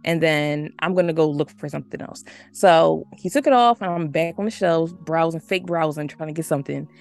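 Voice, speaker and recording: Chatty woman with a gravelly low voice. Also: brisk, soft background music. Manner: chatty, animated, full of "like" and laughter. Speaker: podcast guest. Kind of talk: casual storytelling.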